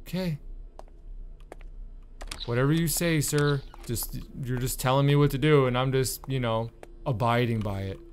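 A man's voice: medium pitch, moderate pace, pauses often, a little mellow, a little hiss or hum. A young man commenting on a horror game he is playing, nervous and jumpy, swearing and joking to himself. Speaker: gaming YouTuber.

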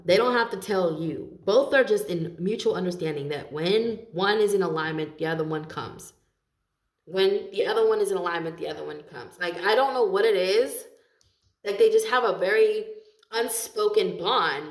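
A woman's voice: medium pitch, roomy sound. A woman giving a casual tarot reading, talking in a chatty, loose way, swearing freely and laughing often. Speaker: tarot reader.

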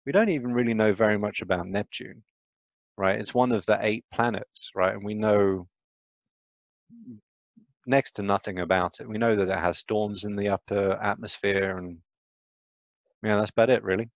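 A man lectures informally on the solar system, his voice sitting fairly low. He rambles a little and keeps checking in with his listeners. The sound is dry and slightly dull, like a screen-shared online class. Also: dry recording. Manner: casual, chatty, often tags "right?".

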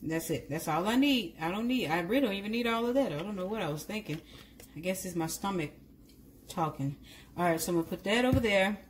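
A woman's voice: mid-range voice, expressive, fast talker, a little hiss or hum. A woman giving a casual cooking demonstration in a chatty way, often correcting herself and speaking directly to her viewers. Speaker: cooking vlogger.

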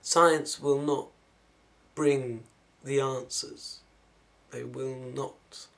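A man's voice: medium pitch, vocal fry. A man musing casually to camera about spiritual dimensions, wandering from thought to thought and trailing off. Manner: musing, wandering, with soft laughs and trailing-off phrases. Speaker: spiritual vlogger.

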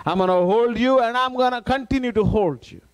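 High-voiced pastor preaching emphatically. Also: male voice, fairly quick, smooth. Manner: emphatic, repeats phrases for stress. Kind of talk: sermon. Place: church.

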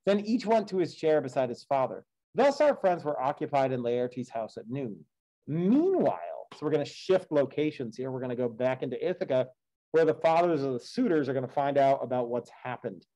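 A man's voice: mid-range voice, very animated, normal speed, dark tone, poor audio. A man reading an epic poem aloud as a teacher, breaking off for casual, chatty commentary. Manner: casual, chatty asides with fillers. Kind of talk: read-aloud with classroom commentary.

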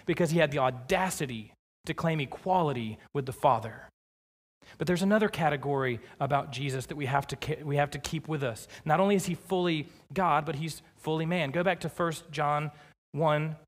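A male pastor preaching with strong emphasis, his voice sitting a bit high for a man. He drags out key scripture phrases slowly for weight. The sound carries a long church reverb. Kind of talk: sermon. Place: church sanctuary.

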